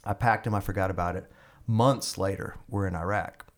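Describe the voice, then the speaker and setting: A man with a fairly low voice spins a long story in a casual podcast interview. He rambles, restarts and leans on fillers, his delivery animated and loose. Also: normal speed. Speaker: guest musician and army veteran.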